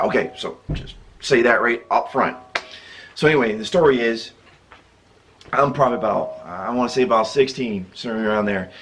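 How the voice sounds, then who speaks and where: Midwest guy doing storytime on his channel, mid-pitched voice, rambly, keeps cracking up laughing. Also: slight background noise. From American Midwest. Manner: rambling and self-interrupting, breaks into laughter. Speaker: YouTube storyteller. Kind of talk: casual storytime narration.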